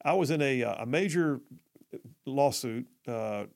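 A man's voice: mid-range voice, expressive, measured pace, creaky, a little mellow. A middle-aged man hosting live talk radio, rambling with many fillers and restarts.

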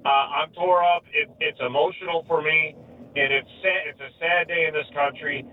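A male caller to a radio talk show who speaks in a halting, emotional way and repeats his words. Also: a little high, steady tone. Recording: tinny phone line, far from mic, faint noise.

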